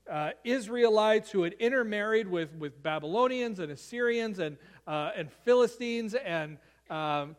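A man preaching a sermon, reading scripture aloud and then explaining it in an earnest, emphatic way that keeps driving his main points home. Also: high voice. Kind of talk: sermon, Bible reading and teaching.

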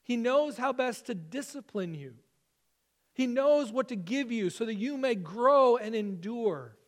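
A man preaching a Sunday sermon as pastor, earnest and emphatic, slowing down to stress key phrases. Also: very high-pitched.

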